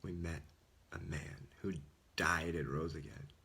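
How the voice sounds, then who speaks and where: A man's voice: extremely low pitch, steady tone, measured pace, sharp tone, husky. A man giving an earnest, informal Christian talk, often dropping to a whisper. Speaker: Catholic speaker. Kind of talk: casual sermon.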